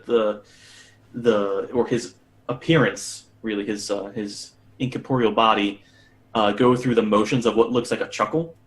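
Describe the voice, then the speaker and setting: A man narrating as game master of a tabletop game, rambling with many fillers. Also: medium pitch.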